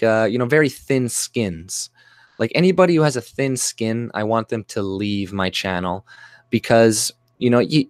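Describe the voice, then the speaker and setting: A man's voice: fairly low pitch, smooth, no room sound, studio quality. A man from Canada ranting angrily on his channel, rambling and swearing with many fillers and restarts. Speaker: vlogger. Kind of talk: profane ranting monologue.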